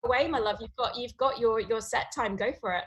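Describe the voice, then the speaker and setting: Woman, comedy host, chatty and hesitant, slightly high voice. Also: brisk. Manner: chatty and hesitant, many fillers. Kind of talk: introducing an act.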